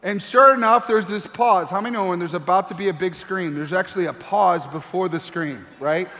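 Middle-aged male pastor, high voice, lively storytelling sermon, echoing hall. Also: brisk. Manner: animated storyteller, acts out voices. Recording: long reverb of a large hall.

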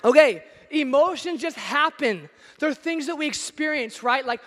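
A man preaching a sermon as pastor, energetic and joking with his listeners, shouting some words for emphasis. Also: very high voice, normal speed, hardly any pauses, in a large hall.

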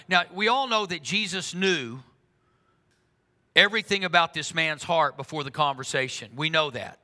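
A man preaching a sermon in an earnest way, slowing down for emphasis and speeding up for asides. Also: a little high, bright, forceful tone. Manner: earnest, shifts between slow emphatic lines and quick asides. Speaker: pastor. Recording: long reverb of a large hall.

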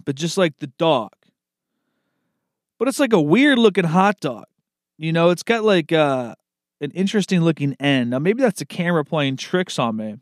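Laid-back cursing guy, slightly high voice. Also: no echo, studio quality. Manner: laid-back, swears freely, says "man" and "dude" a lot; chuckles at his own slips. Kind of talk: casual rambling monologue.

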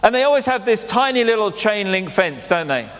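Male preacher, plain-spoken and repetitive, high-ish voice, reverberant church hall. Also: sing-song, fairly quick, fairly bright tone. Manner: plain-spoken, repeats phrases for emphasis. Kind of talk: sermon.

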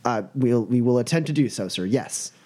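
A man's voice: mid-range voice, normal speed, mellow, close to an everyday voice. A man voicing a nervous, apologetic male security chief who stammers and keeps saying sir. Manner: stammering, deferential, full of sirs.

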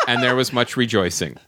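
A man's voice: mid-range voice, bright, forceful tone. A man hosting a podcast, reading listener comments aloud in a mock-grand way and often breaking into laughter. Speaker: podcast host.

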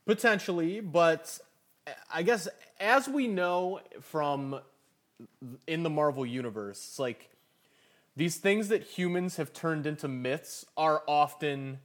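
A man with a fairly high voice, chatting as a podcast co-host. He hesitates and stammers, often repeating words before finishing a thought. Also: takes it slowly. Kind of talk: casual chat.

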